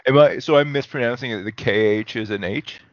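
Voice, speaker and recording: A man's voice: medium pitch, brisk, no room sound, dull audio. A man co-hosting a podcast in casual chat, thinking aloud and correcting himself as he goes. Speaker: podcast co-host.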